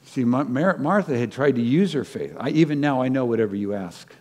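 A man's voice: medium pitch, expressive, a little fast, darkish tone. A man preaching a sermon in a conversational way, stumbling over restarts, laughing at himself, then rising to fervent peaks. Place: church sanctuary. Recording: long hall reverb.

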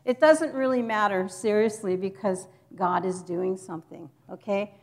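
A woman's voice: mid-range voice, moderate pace. A woman giving an informal church teaching to a congregation, chatty and joking with them, stopping to correct herself.

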